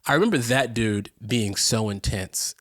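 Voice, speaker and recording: A man's voice: on the low side, a little slow, fairly bright tone, dry recording, studio quality. A man co-hosting a podcast in casual chat, sick, playful and teasing with frequent laughs. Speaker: podcast co-host. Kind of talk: casual chat rewatching a sitcom.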